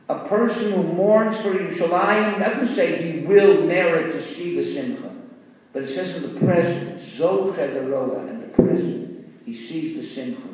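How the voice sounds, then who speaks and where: Rabbi lecturing in an echoey hall. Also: male voice, on the high side, a little mellow, far from the mic. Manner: earnest, explanatory, mixing in Hebrew terms. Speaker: rabbi teaching students. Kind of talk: Torah lecture with storytelling.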